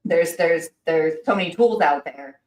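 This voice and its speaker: Excited fast-talking woman host. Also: low voice, echoey room, rough recording. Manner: fast, excited, rambling with fillers. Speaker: livestream host. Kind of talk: casual chat.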